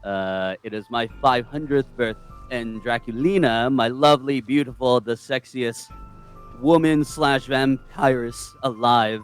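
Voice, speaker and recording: A man's voice: medium pitch, unhurried, clear, resonant tone, soft background music, close to an everyday voice. A man voicing a doting male vampire lord in plain, casual speech. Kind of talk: murder mystery role-play.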